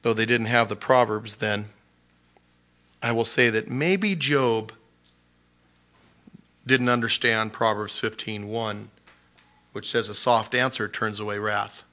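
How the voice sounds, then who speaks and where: A male pastor with a bright, forceful voice preaches a sermon. He talks in a relaxed, conversational way and laughs often. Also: on the low side, slow, pauses often. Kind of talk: sermon teaching.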